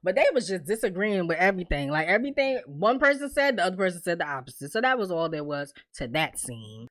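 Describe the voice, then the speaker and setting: A woman's voice: mid-range voice, expressive, brisk, fairly bright tone. A woman giving a casual, profane TV recap in a chatty style, with laughing asides. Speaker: TV recap reviewer.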